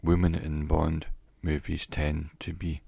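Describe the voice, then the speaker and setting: Very deep, slow, gravelly male teacher. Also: flat delivery, dark tone, no echo. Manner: measured, reflective, pausing often between phrases. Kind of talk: educational monologue.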